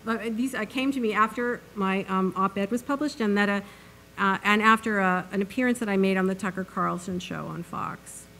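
A woman's voice: medium pitch, normal speed, vocal fry, sharp tone, a little hiss or hum. Earnest woman giving a university lecture. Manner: earnest, with many fillers and restarts. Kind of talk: academic public lecture.

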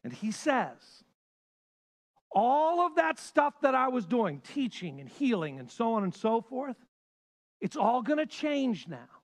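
A male pastor preaching a sermon with passion, swinging between loud bursts and hushed lines. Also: extremely high pitch, big pitch swings, unhurried.

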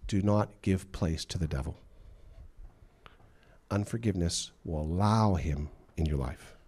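A man's voice: low voice, unhurried, a little mellow, slightly rough. A male pastor delivering a sermon with emphatic delivery, acting out the voices he quotes. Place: church.

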